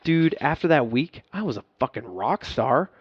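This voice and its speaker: Profane former soldier telling a story. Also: male voice, a little high, animated, moderate pace, husky, no echo, dull audio. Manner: profane, emotional, laughs at himself. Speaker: podcast guest. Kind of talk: candid storytelling.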